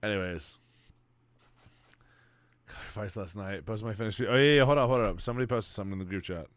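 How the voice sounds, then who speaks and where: A man's voice: on the low side, quick pace, fairly bright tone, no room sound. Slangy, rambling young streamer guy. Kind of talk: casual chat.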